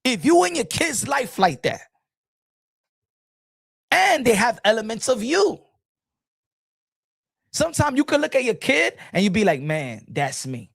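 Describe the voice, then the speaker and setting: A middle-aged man hosting a casual boxing talk show, animated and repetitive, talking straight to his viewers in the chat. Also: very high-pitched, a little slow, gravelly, pauses often, breathy edge, no echo, clean studio sound. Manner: animated, repeats himself, addresses folks in the chat.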